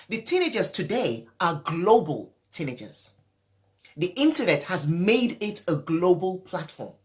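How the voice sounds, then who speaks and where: A woman parenting coach, upset and teary, speaking emphatically in a live stream and repeating her key points. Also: fairly low pitch. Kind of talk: emotional live-stream talk.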